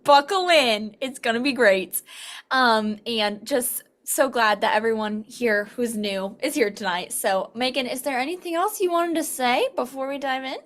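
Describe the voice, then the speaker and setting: A woman hosting a team video call, encouraging and quick to laugh. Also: a little high. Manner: warm, encouraging, laughs easily. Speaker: call host.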